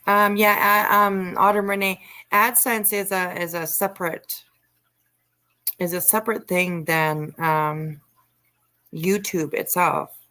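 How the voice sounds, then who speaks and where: A woman's voice: on the low side, steady tone, takes it slowly, bright, forceful tone. Chatty, giggly woman live-streamer. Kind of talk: casual live-stream chat, reading comments.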